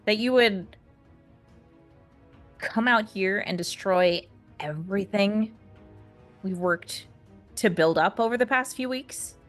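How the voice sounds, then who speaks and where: A woman voicing an angry young woman who swears and shouts at her mother. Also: medium pitch, animated, slow, long pauses, breathy edge, soft background music, voice pushed up. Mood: furious.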